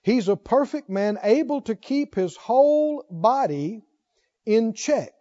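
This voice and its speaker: A man's voice: very high-pitched, animated, takes it slowly, warm tone. A middle-aged man preaching a sermon, emphatic and full of rhetorical questions to the congregation. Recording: dull lo-fi recording.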